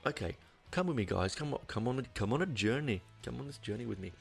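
A man's voice: medium pitch, lively intonation, fast, vocal fry, faint music behind. A man putting on an Indian accent as a chirpy female whiskey tasting host, inviting listeners along in a sing-song way.

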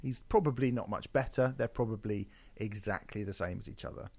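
A man co-hosting a podcast, talking in a casual, animated and mocking way with plenty of swearing. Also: lowish voice, brisk, no room sound. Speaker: podcast co-host.

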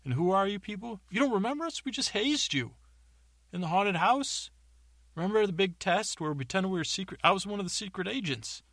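A man voicing a frantic, whiny male tech worker who has just been fired, ranting in a shrill voice. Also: expressive, brisk, a bit bright, no room sound, full character voice. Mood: accusing.

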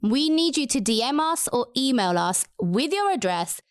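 A woman's voice: high-pitched, sing-song, moderate pace, smooth, dry recording, studio quality. A young woman co-hosting a podcast in casual, candid chat, swearing freely. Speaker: podcast co-host.

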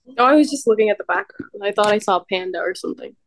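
A woman's voice: medium pitch, expressive, racing, soft background music. A woman co-hosting a podcast in casual chat, laughing often. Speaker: podcast co-host.

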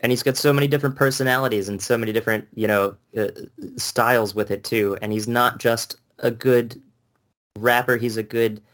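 A man's voice: mid-range voice, steady tone, brisk, fairly bright tone. A man co-hosting a podcast in casual chat, rambling enthusiastically and laughing often. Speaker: podcast co-host.

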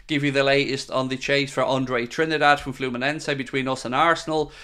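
A man's voice: medium pitch, level tone, brisk, sharp tone, smooth. A man hosting a casual livestream, talking in a chatty, conversational way with loose restarts. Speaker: podcast host.

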